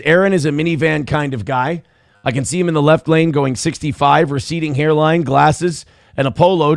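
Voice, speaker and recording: A man's voice: mid-range voice, dry recording, clean studio sound. A man hosting a live show, reading out chat messages with crude, self-mocking jokes and rambling asides. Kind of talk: casual live-stream chat.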